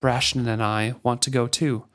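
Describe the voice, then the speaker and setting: A man reading the lines of a gentle, nervous young woman who speaks soothingly and hesitantly. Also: mid-range voice, level tone, moderate pace, lightly acted.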